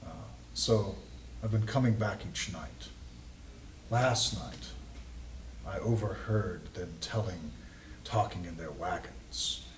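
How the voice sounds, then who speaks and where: A man voicing a soft-spoken, secretive male fey mimic in a tabletop game, slow and hushed. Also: low-pitched, roomy sound, distant mic, a little hiss or hum, voice pushed down, poor audio.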